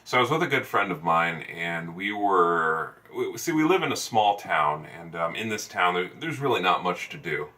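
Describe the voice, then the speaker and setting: Man, casual storytelling, rambling, many fillers, bright voice, heard from a distance. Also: deep voice, very animated, normal speed, hardly any pauses. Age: adult, over ten years in sales. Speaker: salesman vlogger.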